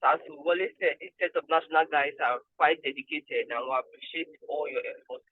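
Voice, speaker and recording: A woman, a senior doctor, thanking participants in an appreciative, halting way over a call. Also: low voice, dry recording. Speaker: senior doctor closing the session. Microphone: phone or video call. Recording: tinny phone-like call line.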